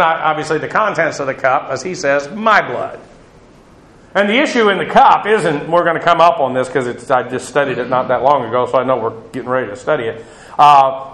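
A man's voice: high-pitched, fairly bright tone, roomy sound, poor audio. A male pastor giving a conversational Bible teaching, loose and digressive with many fillers. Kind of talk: sermon.

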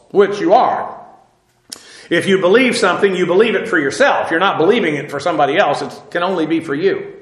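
Guy doing a bible study on greek words, kinda high bright voice, lots of uh's, echoey hall. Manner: explanatory, stops often with "uh" to parse grammar. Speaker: Bible teacher.

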